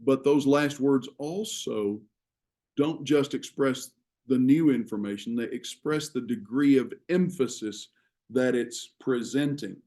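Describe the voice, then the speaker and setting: Man, classroom lecture, slow deliberate delivery, mellow dark voice. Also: mid-range voice. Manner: slow, measured explaining with pauses. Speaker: teacher.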